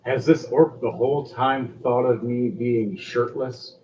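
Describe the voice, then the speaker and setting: A man's voice: mid-range voice, fairly even intonation, unhurried, darkish tone, distant mic, muffled recording, slight background noise, natural voice. A man voicing a blunt male warrior whose body is hidden inside floating purple armor. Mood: indignant.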